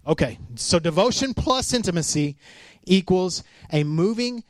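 A man in his thirties gives a chatty sermon in a fairly high voice, telling stories and acting out the voices in them. His delivery is animated, and the sound is close and dry. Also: a little slow, no echo. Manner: storytelling, animated, acts out quotes. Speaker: pastor. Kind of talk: conversational sermon.

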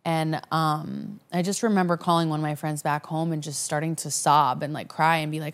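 Casting note: a low-pitched woman vlogger, frank and chatty, confiding her own story from home. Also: fairly even intonation, brisk, hardly any pauses. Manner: frank and conversational, with frequent "like" and "you know". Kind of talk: candid personal storytelling. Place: her apartment living room.

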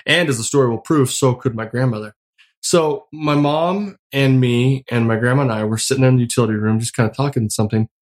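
Casual co-host: middle-aged man, easygoing storyteller, laughs a lot, mid-pitched voice. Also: a little fast. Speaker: podcast co-host. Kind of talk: casual chat.

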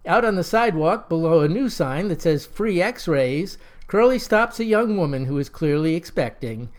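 A narrator reading a slapstick comic story aloud in an even storytelling delivery. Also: mid-range voice, fairly quick.

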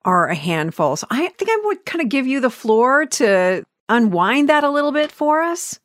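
A woman's voice: high-pitched, very animated, normal speed, no room sound. Dry, close woman podcast host. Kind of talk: conversational interview.

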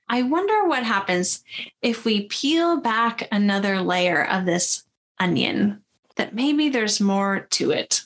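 A woman's voice: a little high, fairly bright tone. Woman pastor preaching in a chatty way. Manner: conversational, friendly, laughs easily. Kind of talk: sermon.

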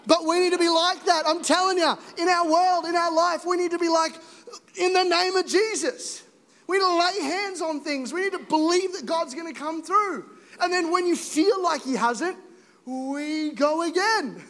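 Young male pastor, high voice, jokey then fervent sermon, long church-hall reverb. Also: moderate pace. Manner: animated, joking, rising to emphatic exhortation. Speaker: preacher. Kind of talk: energetic sermon.

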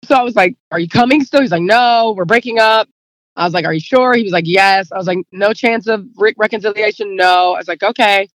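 A woman's voice: mid-range voice, fairly quick, no room sound. Emotional woman recounting a breakup. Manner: rambling, acts out quoted dialogue; emotional, near tears. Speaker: guest. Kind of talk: casual storytelling.

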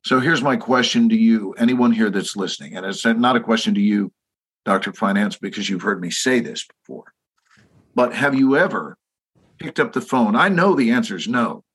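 A man's voice: on the low side, moderate pace, a bit bright, slightly rough. A man in his sixties with a Texan accent, a podcast guest telling stories emphatically and asking listeners rhetorical questions. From Texas. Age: 60s. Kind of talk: podcast conversation.

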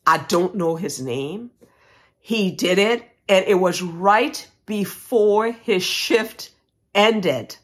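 A woman podcast host telling a personal faith testimony, emotional and animated, breaking into praise. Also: mid-range voice, drawn-out words.

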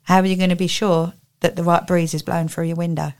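A woman with a somewhat low voice co-hosts a relaxed faith podcast. She talks in a chatty way and paints vivid word pictures. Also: quick pace, clean tone. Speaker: podcast co-host. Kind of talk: casual faith podcast chat.

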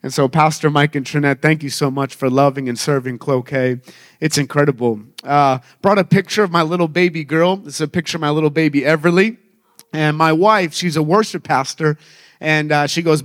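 30s guy preaching, fairly high voice, upbeat, jokes about himself. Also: brisk. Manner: upbeat, storytelling, self-mocking humor. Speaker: traveling evangelist. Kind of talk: sermon.

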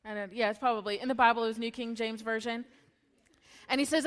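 A woman's voice: a little high, steady tone, fast. A young woman giving a casual, playful sermon, retelling a story in slangy voices and laughing often.

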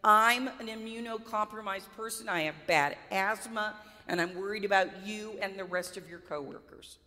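A woman pastor telling a personal story in a conversational, animated sermon, acting out the lines of the people in it. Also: mid-range voice, moderate pace, in a large hall. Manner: conversational, animated retelling with quoted dialogue. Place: church.

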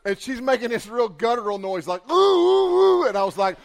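A young man preaching, telling a comic, animated story with big swings in volume. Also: high-pitched, fast talker. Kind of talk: storytelling sermon.

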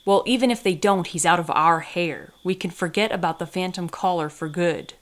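A woman reading aloud as an excitable teenage girlfriend who talks eagerly in loud bursts. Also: on the low side, normal speed, natural voice. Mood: chatty. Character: excitable gossipy teenage girl friend.

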